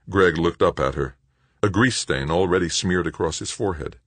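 Husky deep-voiced male audiobook narrator. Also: no room sound. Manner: steady, measured storytelling.

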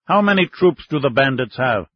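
A measured interior minister asks steady, reasonable questions, read by a man. His tone is even and slightly husky. The audio is dry and somewhat muffled. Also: mid-range voice, no echo. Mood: calm probing. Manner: calm, reasonable.

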